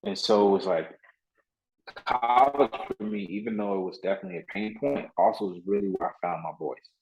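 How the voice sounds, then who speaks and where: A man's voice: on the low side, expressive, brisk. A man, a podcast guest and motivational speaker, telling stories in a casual interview. He is earnest, repeats his words and often says "you know". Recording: dull lo-fi sound.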